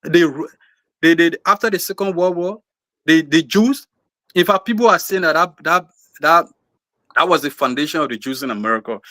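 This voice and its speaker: A man's voice: a little high, moderate pace, bright, forceful tone, no room sound. A man with a Liberian English accent arguing emphatically on a talk-show panel, repeating words as he builds his point. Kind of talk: heated talk-show discussion.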